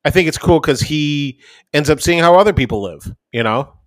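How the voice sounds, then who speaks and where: A man's voice: on the high side, animated, moderate pace, no echo, studio quality. A man in his thirties co-hosting a podcast, telling a family story in casual chat and acting out his kids' voices. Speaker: podcast co-host.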